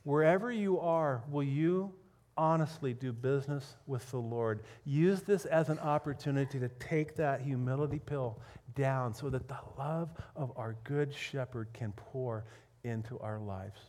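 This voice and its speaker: At a measured pace and medium pitch, a man delivers a sermon as pastor, using emphatic repetition in his story and alternating between loud fervor and hushed whispers.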